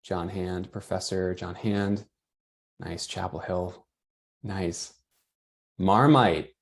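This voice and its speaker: A man with a fairly low voice hosting an online webinar in a loose, chatty way. He moderates, greets people and reacts to their comments, speaking over a video call. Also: fairly even intonation, slow. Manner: chatty, reads out attendee comments.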